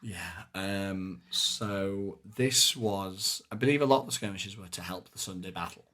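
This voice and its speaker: Casting: deep-voiced guy, podcast co-host, loose rambling recap with lots of ums. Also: measured pace. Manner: rambling, many fillers, animated retelling. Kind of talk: casual chat recapping a live-action game event.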